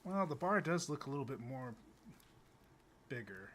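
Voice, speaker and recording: A man's voice: medium pitch, big pitch swings, moderate pace, fairly bright tone, slight background noise. A young American man chatting casually while streaming a game, rambling with stammered restarts and chuckles. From United States. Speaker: gaming streamer.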